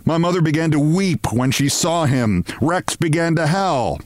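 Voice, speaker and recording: A man, the host of the show, reading a comic story aloud in a lively, theatrical manner, recorded in a studio. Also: a little high, measured pace, dry recording.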